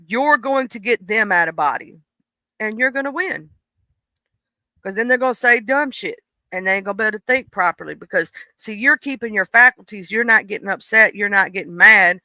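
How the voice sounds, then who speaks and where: Bright, crisp-voiced livestream host. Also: medium pitch, a little fast, no room sound. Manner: blunt, preachy, swears freely. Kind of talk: casual livestream commentary. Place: home room. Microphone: desk microphone.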